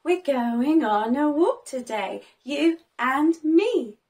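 A woman teaching toddlers in a learning video, slow and sing-song, with big gasps and constant praise. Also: sits high, expressive, a little mellow.

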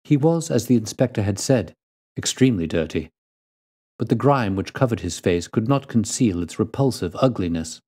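A man reading a classic detective story aloud as storyteller, in a measured and deliberate way. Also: fairly low pitch, expressive, mellow, slightly rough.

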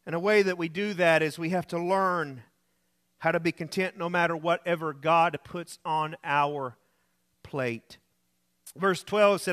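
A man's voice: on the high side, steady tone, unhurried, fairly bright tone. A male pastor preaching alone in a room, earnest and repetitive, telling anecdotes. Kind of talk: sermon.

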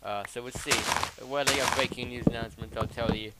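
This is live-stream gaming commentary from a southern English man who rambles along and answers viewers in chat. He speaks fairly quickly in a mid-range voice with fairly even intonation, over loud background noise and clicking of a mouse.

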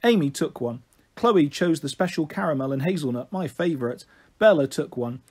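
Husky, expressive male storyteller. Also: a little high, fairly quick. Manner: expressive, animated. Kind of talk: reading a children's novel aloud.

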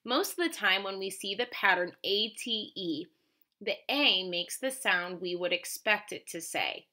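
Slow, bright-voiced woman teaching phonics. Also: mid-range voice, animated. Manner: slow, clearly enunciated, encouraging teacher talk. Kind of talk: phonics lesson for children.

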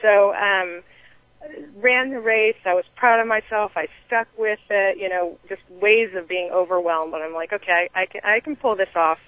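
Woman guest, animated storyteller, restarts a lot; dull dry recording. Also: medium pitch, normal speed, dry recording. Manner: animated storytelling with many restarts and acted-out quotes. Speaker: guest runner. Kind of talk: telling a story on a podcast.

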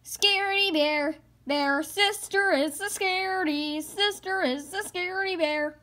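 A woman's voice: high-pitched, very animated, slow pace, darkish tone, voice pushed up, heavily acted. A woman voicing a playful young boy bear cub who teases his sister in a storybook reading. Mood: teasing. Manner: eager, teasing.

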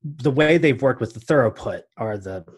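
A man's voice: medium pitch, animated, moderate pace, slight background noise. A man co-hosting a podcast in casual chat, with a wry, sarcastic edge. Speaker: podcast co-host.

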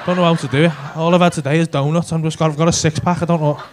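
This Liverpudlian comic works the room at a comedy club, cheeky, crude and loud, speaking very fast in a fairly high voice with a steady tone. Laughter from the audience comes through on the live club audio.

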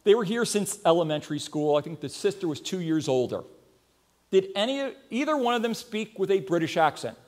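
A middle-aged man delivers a sermon in a high, bright-pitched voice. His delivery is animated and swings widely in pitch as he poses earnest questions to the congregation. He tells stories along the way. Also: a little fast. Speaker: preacher.

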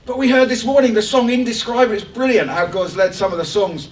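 A man preaching a lively, joking sermon to his church congregation. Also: high-pitched, fast. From England. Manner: animated, joking, rising excitement. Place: church hall. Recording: echoey church hall from far off.

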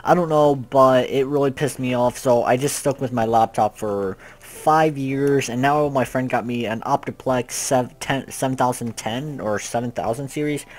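Young guy rambling over his game, swears a ton, freaks out and yells when things go bad. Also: mid-range voice. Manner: rambling, swears a lot, panics loudly. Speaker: gaming youtuber. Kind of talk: casual gameplay commentary.

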